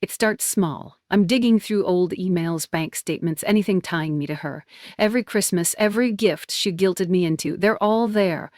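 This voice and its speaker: A woman's voice: on the low side, normal speed, darkish tone, no echo, studio quality. A woman narrating a dramatic first-person story in clipped, tense, emotional sentences.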